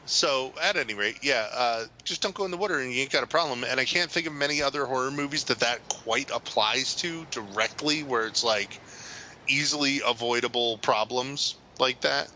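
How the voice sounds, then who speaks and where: A man's voice: mid-range voice, normal speed, pushed and bright, highs cut off, slight background noise. A man co-hosting a podcast in casual chat, rambling and hesitant with a lot of fillers. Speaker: podcast co-host.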